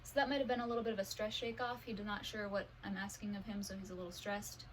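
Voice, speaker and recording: A woman training her service dog at home, talking to the camera in a calm, practical way and praising the dog warmly. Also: medium pitch, fast, a little hiss or hum, low-quality recording. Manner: upbeat praise to dogs between calm explanations. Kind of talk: casual training vlog. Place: bedroom at home.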